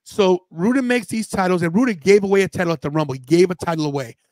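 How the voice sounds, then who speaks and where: A man hosting a wrestling watch-party podcast, telling stories in a loose, slangy, animated way. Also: sits high, quick pace, no echo. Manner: animated storyteller, quotes friends in a loose slangy way. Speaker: podcast host. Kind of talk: casual watch-party chat.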